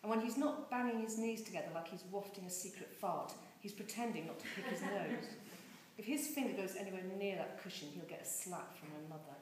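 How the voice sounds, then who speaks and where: A woman reading a novel aloud with expressive, lively storytelling. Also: medium pitch, fairly quick, a little hiss or hum. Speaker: reader. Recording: very echoey room.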